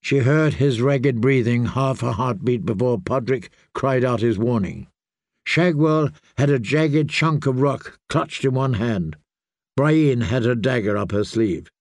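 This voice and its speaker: A man narrating an audiobook in a measured, deliberate storytelling manner. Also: mid-range voice, lively intonation, darkish tone, no echo, clean studio sound.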